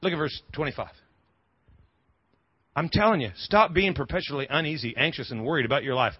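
A male pastor preaching a sermon in an animated, humorous way, with quick asides and lots of repeated words. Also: fairly high pitch, breathy edge, no echo, lo-fi sound.

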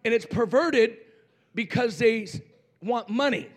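A male pastor with a high-pitched voice delivers a fervent sermon. He swings from loud shouts down to near-whispers and back. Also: lively intonation, unhurried.

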